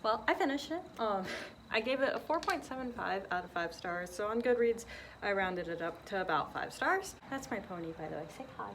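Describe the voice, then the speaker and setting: A young woman chats through a casual reading vlog in an easy, self-deprecating way and swears now and then. Her voice sits at an ordinary middle pitch for a woman. A faint hiss of noise runs under the recording. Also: lively intonation, a little fast, fairly bright tone. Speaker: book vlogger.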